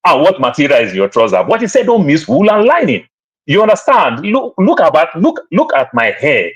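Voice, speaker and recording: A Nigerian-accented man argues on a panel with a husky, lively voice that jumps in pitch. He presses his points with rhetorical questions in a casual debate. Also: a little fast, highs cut off. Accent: Nigerian English. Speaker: panel guest.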